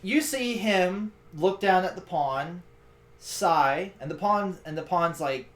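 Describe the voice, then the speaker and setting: A man's voice: high voice, expressive, takes it slowly, a bit bright. A man narrating scenes as the game master of a tabletop role-playing game, in a descriptive storytelling manner. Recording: echoey room.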